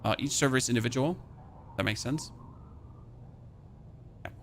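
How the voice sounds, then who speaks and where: A man's voice: mid-range voice, normal speed, a bit bright, slight background noise. A chatty man from Germany with a light German accent, streaming a game and rambling as he plays. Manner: chatty, rambling, thinks aloud while playing. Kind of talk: casual live-stream chat.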